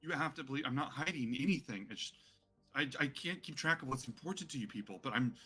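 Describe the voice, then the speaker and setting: A man's voice: medium pitch, animated, fast talker, sharp tone, slightly rough. A man voicing a vain, evasive noble. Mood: defensive. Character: vain, lounging male noble who dodges questions.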